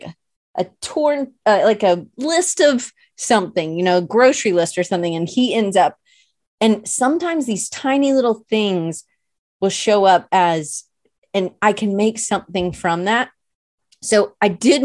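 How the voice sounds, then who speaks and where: A woman's voice: mid-range voice, darkish tone, dry recording, studio quality. A woman hosting a podcast in casual chat, rambling and playful, often self-deprecating, with lots of "like" fillers. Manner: rambling, chatty, many "like" fillers. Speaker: podcast host and illustration teacher.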